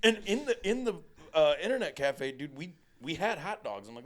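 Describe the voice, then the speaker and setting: A man's voice: fairly high pitch, moderate pace, few pauses. A young adult man telling a story in a casual podcast chat. He swears often and acts out what people said. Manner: lively, swearing, acts out quotes. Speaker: podcast co-host.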